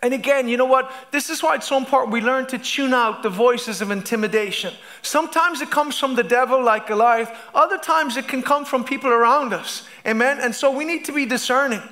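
Preacher guy, really high pitched, keeps going "amen?" between bits. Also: brisk, few pauses, bright, forceful tone. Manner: preaching with repeated "amen?" and restarts. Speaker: pastor. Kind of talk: sermon.

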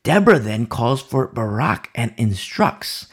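A man's voice: fairly high pitch, animated, a little slow, creaky, few pauses, slightly rough. A man preaching a Bible sermon, emphatic and repeating key phrases for emphasis.

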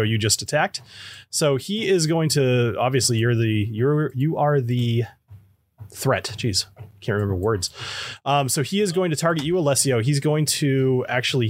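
A man running a tabletop game as game master, relaxed, laughing often and searching for words. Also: mid-range voice.

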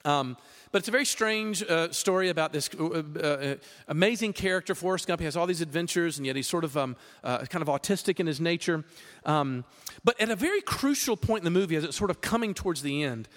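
A man preaching a sermon, chatty and animated, often pausing with fillers. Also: a little high. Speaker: pastor. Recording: long reverb of a large hall.

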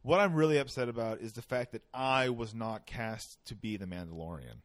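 A man's voice: mid-range voice, expressive, a little fast. A man chatting casually as a podcast guest, rambling through jokes and tangents with a lot of swearing. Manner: joking, rambling, profane. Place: Sacramento.

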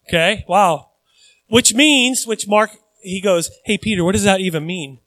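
A man with a high voice preaches a sermon, talking conversationally and acting out little quotes. The sound is dry and close, with no room echo. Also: measured pace, fairly bright tone. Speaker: pastor.

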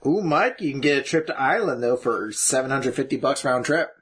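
A man's voice: mid-range voice, expressive, brisk, fairly bright tone, slightly rough. A man hosting a casual podcast chat, joking, laughing often and posing hypotheticals. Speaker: podcast host.

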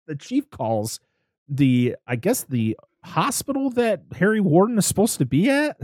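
A man's voice: sits high, sing-song, a little slow, a little mellow, dry recording, studio quality. A man co-hosting a podcast, chatting casually about a film, rambling and acting out characters' lines. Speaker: podcast co-host. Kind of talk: casual film review chat.

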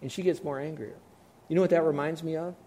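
A male preacher giving an animated, emphatic sermon and calling on the audience to respond. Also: on the high side, fast talker.

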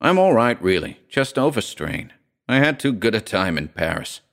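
A man's voice: lowish voice, big pitch swings, normal speed, a bit bright, voice pushed up. A man voicing a haggard young man who speaks brusquely and defensively in an audiobook story. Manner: snapping, tense, defensive.

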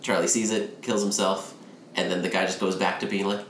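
A man's voice: low-pitched, brisk, slight background noise. A man casually recapping a movie, retelling scenes and mimicking the characters' lines. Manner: animated retelling, acts out quotes in a raised voice. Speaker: film podcast co-host. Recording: echoey room, faint ambience.

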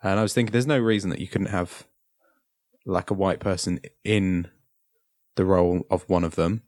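Hesitant low-voiced man. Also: steady tone, moderate pace, darkish tone, no room sound, clean studio sound. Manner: hesitant, many "uh"s and restarts. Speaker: podcast co-host. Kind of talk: casual chat.

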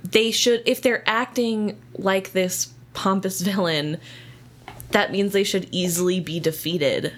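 A woman's voice: medium pitch, fairly even intonation, slow pace. A woman co-hosting a casual book discussion podcast, thoughtful and conversational, with "um" and "like" fillers. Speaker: podcast co-host.

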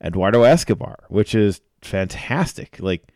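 A lower-voiced man co-hosting a sports podcast in a loose, joking way, laughing easily between points. The sound is dry and close, with no room around him. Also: lively intonation, normal speed, darkish tone, dry recording. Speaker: podcast co-host. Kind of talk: casual sports chat.

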